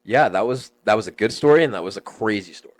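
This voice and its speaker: Deep-voiced young man telling wild stories. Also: fast talker, dry recording. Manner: animated, slangy, swears freely, acts out quotes. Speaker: podcast guest. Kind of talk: casual storytelling chat.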